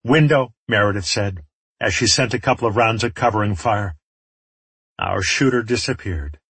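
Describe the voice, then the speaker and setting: A man's voice: on the low side, normal speed, pushed and bright, slightly rough, no room sound. A man reading a first-person story aloud, with wry, sardonic asides. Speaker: audiobook narrator. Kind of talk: first-person audiobook narration.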